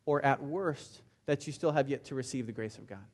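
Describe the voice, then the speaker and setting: A man's voice: medium pitch, fairly quick. A pastor delivering an impassioned sermon, often repeating words as he builds his points. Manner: impassioned preaching with frequent word repeats.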